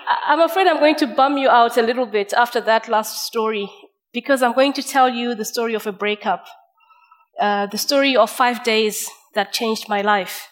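A woman from Zimbabwe opening a personal story on stage in a conversational, gently wry way. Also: on the high side, normal speed. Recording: reverberant hall.

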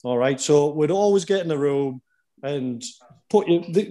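A man with a slightly higher-than-average voice tells animated dressing-room stories in a casual chat. He hosts the conversation and chuckles as he goes. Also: moderate pace. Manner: animated anecdotal storyteller, chuckles often. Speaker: podcast host and former footballer.

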